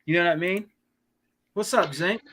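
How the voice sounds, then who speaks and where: Guy ranting on his stream, high and bright voice, cusses a lot. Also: normal speed, slight background noise. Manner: ranting, profane, repeats "you know what I mean". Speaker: podcast host. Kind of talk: casual live-stream rant.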